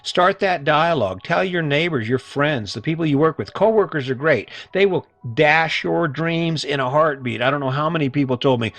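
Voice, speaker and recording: A man's voice: on the high side, moderate pace, few pauses, a bit bright, no echo, soft background music. A middle-aged man hosting a solo motivational podcast, talking earnestly and emphatically and repeating points for emphasis. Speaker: podcast host.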